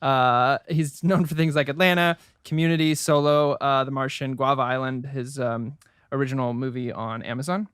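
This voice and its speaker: A man's voice: medium pitch, fairly even intonation, normal speed, fairly bright tone, clear, resonant tone, no room sound, clean studio sound. A man co-hosting a podcast, listing film credits with light jokes and asides. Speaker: podcast co-host. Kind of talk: casual chat, reading film credits.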